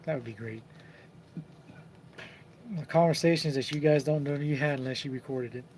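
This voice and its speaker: A man hosting a casual live stream about card collecting, telling lively stories and mimicking the people in them. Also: mid-range voice, normal speed, a little hiss or hum. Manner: animated storyteller who mimics voices and laughs.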